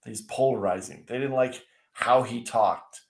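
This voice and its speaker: A man's voice: mid-range voice, a little slow. A man co-hosting a talk show, ranting about politics with heated swearing and frequent restarts. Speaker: podcast co-host. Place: indoors, seated at a desk. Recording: roomy echoey sound.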